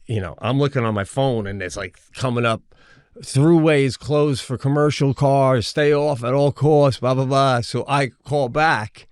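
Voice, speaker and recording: A man co-hosting a comedy podcast, telling a long story in a lively way, jumping into high-pitched voices when he quotes others and swearing casually. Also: dry recording, clean studio sound. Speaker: podcast co-host.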